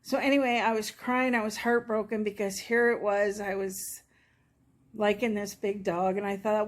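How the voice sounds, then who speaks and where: A middle-aged woman telling her viewers a personal story in an easygoing, rambling vlog style. She gets openly emotional and plays out both sides of each conversation she retells. Her voice sits at an ordinary middle pitch. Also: little pitch movement, moderate pace. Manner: chatty, rambling, emotional, acts out quoted dialogue. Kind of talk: casual storytelling to camera.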